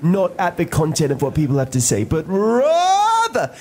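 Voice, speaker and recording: A man impersonating a sardonic television debate presenter in a comedy sketch, speaking briskly and emphatically. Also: high voice, huge pitch swings, a little mellow, a little hiss or hum, pitched above the performer's own voice, exaggerated voice. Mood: mocking. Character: pompous male debate-show presenter. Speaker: impression of a TV presenter.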